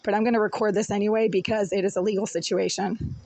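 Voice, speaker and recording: A woman in her apartment with a rough, smoker-like voice, ranting indignantly and repeating her accusations into a phone. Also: mid-range voice, fairly even intonation, fast, a little mellow, no room sound, low-quality recording. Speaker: tenant recording a complaint. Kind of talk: angry recorded rant and voicemail. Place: small apartment indoors.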